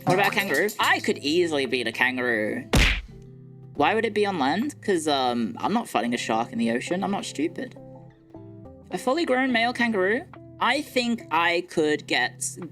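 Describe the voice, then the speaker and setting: A woman's voice: sits low, animated, fairly quick, a bit bright, faint music behind. A young woman streamer chatting casually and boasting playfully, swearing freely as she answers viewer comments.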